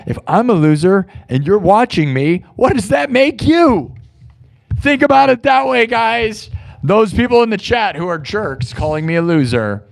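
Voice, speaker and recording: Guy hosting his live stream, ranting at chat, kinda high voice, loud then mumbly. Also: vocal fry. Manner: ranting, mocking, swings from shouting to muttering. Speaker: live stream host and musician.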